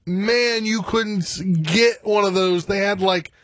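A man co-hosting a sports talk radio show, talking in a relaxed, offhand and opinionated way. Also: high-pitched, slow, dry recording.

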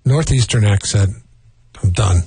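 A man's voice: lowish voice, measured pace, gravelly, dark tone, husky, no room sound. A man co-hosting a morning radio show, rambling and stammering through casual banter. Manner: rambling, stammers, laughs easily.

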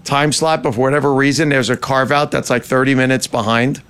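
A man's voice: mid-range voice, steady tone, a little fast, a bit bright, smooth. A man, a comedian guest, joking and defending himself in casual comedic banter.

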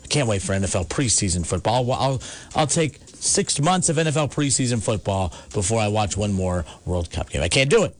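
A man's voice: fairly low pitch, lively intonation, fairly quick, faint music behind. A man hosting a call-in sports talk show from the United States, ranting emphatically, with repeated words and restarts. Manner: emphatic, repetitive, stammering restarts. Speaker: sports radio host.

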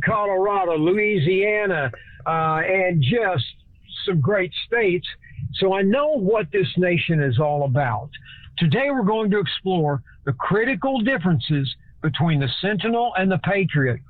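A man's voice: high voice, expressive, no room sound, narrow, tinny audio. A man from Texas, giving a folksy, speech-like scripted talk as host. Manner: folksy speech-like delivery, shifts between slow and fast.

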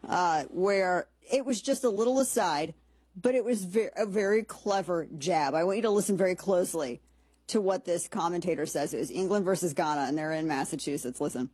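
A woman hosts a casual commentary show, wandering off into sarcastic asides as she goes. Her voice sits a little low and has a husky edge. It is recorded close and dry, with no room echo. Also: a little fast, darkish tone. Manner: chatty, sarcastic, rambling asides.

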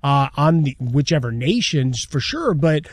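A man's voice: on the high side, big pitch swings, a little slow, dry recording. A man co-hosting a sports radio show, talking casually with lots of fillers and rhetorical asides. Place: studio.

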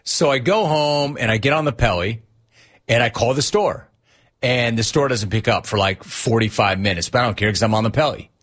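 A radio show host tells a story in a chatty, wry, self-deprecating way during a casual monologue. His mid-range voice is a bit bright and moves at a moderate pace.

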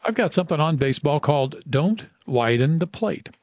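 A man hosting a radio segment, reading an inspirational story aloud with earnest emphasis and dramatic pauses. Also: a little high, expressive, a little mellow, muffled recording.

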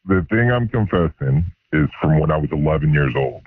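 A man's voice: animated, fairly quick. A man in his forties calling in anonymously through a voice changer, telling a sheepish, rambling story. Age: 40s. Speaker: anonymous caller. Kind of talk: confessional call-in story. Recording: deep-pitched, muffled phone line.

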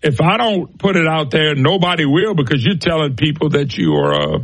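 Fired-up gravelly radio host. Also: male voice, fairly high pitch, moderate pace, no room sound. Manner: animated, scornful ranting with rhetorical questions. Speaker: radio talk show host. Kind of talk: political talk radio monologue.

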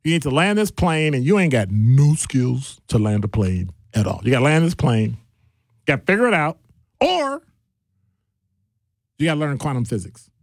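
A man hosting a radio talk show in a casual, animated way, with playful asides as he moves between topics. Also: medium pitch, normal speed, long pauses, no echo, studio quality.

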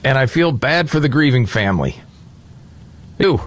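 A man's voice: medium pitch, expressive, normal speed. A man hosting a casual political talk show, speaking in a blunt, indignant way. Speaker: podcast host.

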